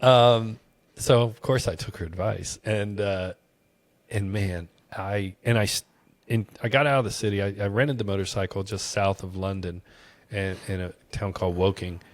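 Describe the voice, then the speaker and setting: A man with a lowish voice, speaking at normal speed with no room sound, tells a travel story in a casual podcast interview. He's an animated storyteller, full of energy and laughing often.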